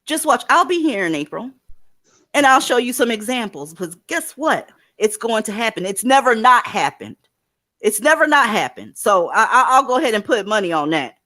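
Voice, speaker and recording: A woman's voice: fairly high pitch, very animated, moderate pace, sharp tone, no room sound, studio quality. A woman hosting a livestream, giving blunt, profane commentary and advice to her callers. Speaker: livestream host.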